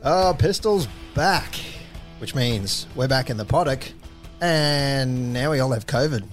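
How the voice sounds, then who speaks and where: A man's voice: medium pitch, measured pace, soft background music. A man hosting a podcast in casual, dry, teasing chat. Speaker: podcast host.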